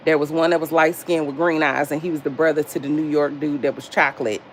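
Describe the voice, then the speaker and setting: A woman in her thirties hosting a casual livestream, telling stories with lots of profanity and talking straight to her chat, her pitch jumping as she gets into it. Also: fast talker, a little hiss or hum. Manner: lively storytelling, frequent jumps in pitch. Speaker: livestream host.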